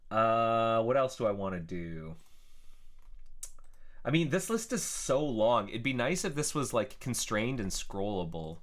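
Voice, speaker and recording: A man chatting casually as he codes on a live stream, thinking aloud in a relaxed way. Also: medium pitch, unhurried. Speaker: software developer streaming his work. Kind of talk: casual live-coding narration.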